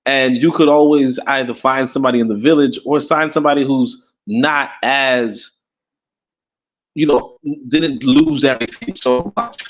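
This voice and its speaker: In dull audio, a Caribbean-born man with a mid-range voice co-hosts a casual podcast livestream from abroad in Africa. He rambles, repeats words, and chuckles as he talks.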